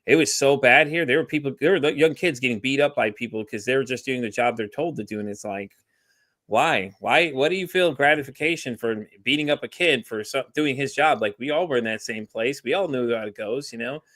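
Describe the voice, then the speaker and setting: Chatting casually as a podcast guest, a Texan man rambles through fast stories and acts out the dialogue in them. His medium-pitched voice is a bit bright, captured dry in clean studio sound.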